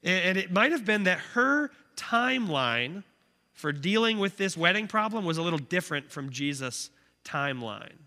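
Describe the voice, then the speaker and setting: Preaching in a church sanctuary that echoes, this thirty-something pastor uses a high, sing-song voice that's bright and forceful at a moderate pace. He keeps it conversational and earnest, regularly asking "right?"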